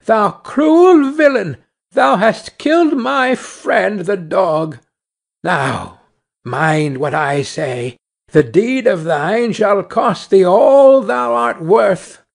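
A man voicing a bold, vengeful female sparrow who scolds in a high, emphatic voice. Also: sing-song, measured pace, gravelly, exaggerated voice.

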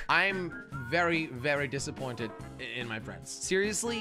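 Excitable male gaming host, lively pitch, bright tone, soft music behind. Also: normal speed. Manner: excitable, shouting, big swings. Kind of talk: game commentary.

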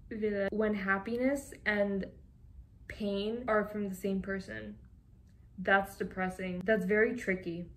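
A young woman from Canada chatting casually and giggling as she reads fan tweets aloud. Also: mid-range voice. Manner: chatty and giggly, often laughing. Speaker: vlogger.

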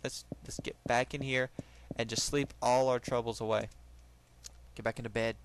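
A young man hosting a let's play, reading game text aloud and reacting with excited, jokey commentary. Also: mid-range voice, normal speed. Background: game music.

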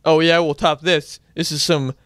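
A man hosting a casual game let's-play, excitable and playful, often bursting into high yelps. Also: moderate pace, clear, resonant tone, no room sound. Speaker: gameplay channel host.

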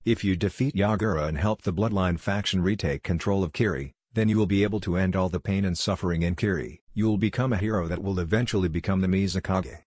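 An earnest, confident young ninja leader, as a man reads him in a storybook reading. The voice sits very low and sounds dry and close, with a kind, persuasive manner. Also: fast talker, few pauses, darkish tone, slightly rough, dry recording. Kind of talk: audiobook reading of fan fiction.

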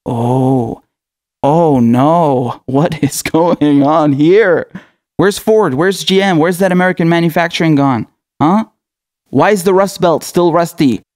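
Male commentator, slightly high voice, mocking and sarcastic, close dry sound. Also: slow, a little mellow, dry recording. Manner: mocking, taunting, laughs often, rhetorical questions. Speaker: political commentator.

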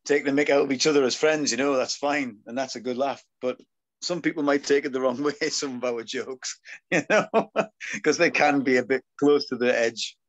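A man's voice: medium pitch, normal speed. Jokey British man telling stories. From Britain. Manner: jokey, animated storyteller who laughs often. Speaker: guest musician. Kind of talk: casual chat.

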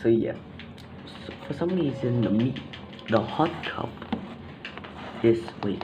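A man's voice: mid-range voice, expressive, a little slow, long pauses, highs cut off, background noise. A young man hosting a casual eating vlog, rambling and hesitant with lots of fillers. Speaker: vlogger.

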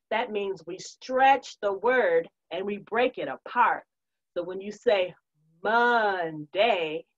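A woman's voice: medium pitch, lo-fi sound. A woman teaching preschoolers in a remote online lesson, sing-song and encouraging, laughing often.

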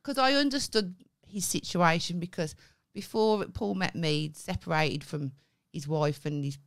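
A woman's voice: on the low side, moderate pace. A woman co-hosting a comedy podcast, telling a story animatedly, acting out quoted lines and swearing freely. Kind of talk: casual storytelling chat.

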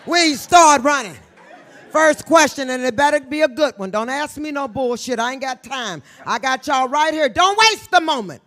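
Loud, brash woman with a very high voice. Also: animated, normal speed, some chatter behind. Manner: loud, swinging from shouts to hushed near-whispers. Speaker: author guest at a live book event. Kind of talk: brash, profane stand-up style talk to an audience. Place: stage before a live audience. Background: faint audience murmur and laughter.

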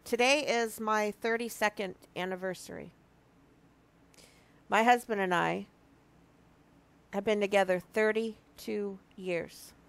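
Teary, slow-speaking woman in her fifties. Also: mid-range voice, fairly even intonation, creaky. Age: 50s. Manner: earnest and confessional, with halting restarts. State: teary, on the edge of crying. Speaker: marriage ministry speaker. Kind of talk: heartfelt devotional talk to viewers.

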